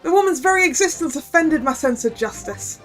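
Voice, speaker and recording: A woman's voice: high voice, expressive, brisk, faint music behind, voice pushed up. Woman doing a swaggering Cockney newsman. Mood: self-righteous. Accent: Cockney, put on. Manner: swaggering, self-righteous. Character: boastful male Cockney journalist with self-righteous zeal.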